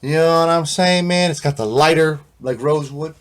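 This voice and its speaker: A man vlogging about guitars in a rambling, excitable, conspiratorial way, tossing in filler phrases constantly. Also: fairly high pitch, moderate pace. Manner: excitable, conspiratorial, constantly says "man" and "you know what I mean". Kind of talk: rambling casual show-and-tell.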